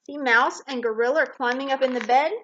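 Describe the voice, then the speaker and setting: Animated woman reading a picture book. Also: sits high, a little fast, muffled recording, a little hiss or hum. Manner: animated, gasping, pointing things out. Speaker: storybook reader.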